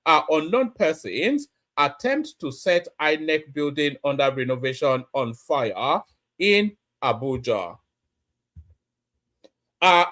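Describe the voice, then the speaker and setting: A man, hosting a news commentary and explaining at a measured pace with many pauses and fillers. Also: on the high side, fairly bright tone. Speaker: host.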